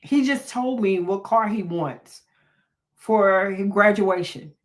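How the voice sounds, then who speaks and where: A woman's voice: mid-range voice, slow pace. An older woman hosting a talk about mental health, speaking earnestly and preaching a little, with frequent "um"s and restarts. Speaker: podcast host and therapist. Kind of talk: unscripted motivational talk.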